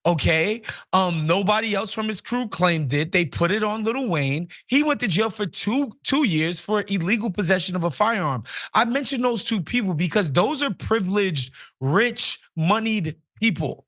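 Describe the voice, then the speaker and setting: A man with a high voice for his sex delivers blunt, indignant commentary on the news. He talks plainly and with scorn, pressing his point hard. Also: expressive, moderate pace, few pauses, a bit bright.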